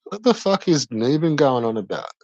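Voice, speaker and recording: A man's voice: on the high side, animated, moderate pace, darkish tone, dry recording, muffled recording. A man with an Australian accent, a streamer in brash, profane casual chat with viewers.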